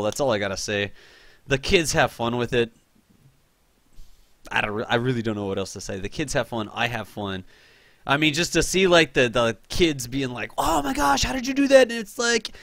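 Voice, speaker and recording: A young man hosting a live game stream, chatting casually and excitably while reading chat aloud. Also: mid-range voice, dry recording.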